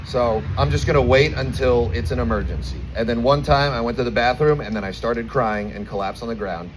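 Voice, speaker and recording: A man in his twenties with an American accent, doing a crude stand-up set with animated, acted-out stories, performing outdoors at a bar. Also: medium pitch, a little fast, noisy background. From United States. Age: 20s. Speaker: stand-up comedian.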